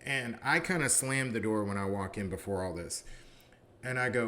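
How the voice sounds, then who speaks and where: With a lowish, fairly bright voice at a normal pace, a male college philosophy professor relates a story conversationally, frequently saying "you know" and acting out the lines people spoke.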